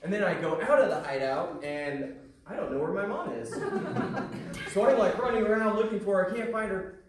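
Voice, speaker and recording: A young man from Kansas performing a stand-up comedy set, telling animated stories and acting out the voices of the people in them. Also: high voice, brisk. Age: young adult. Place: comedy club in a small town. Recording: echoey club, mic far off, crowd laughing. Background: audience laughter.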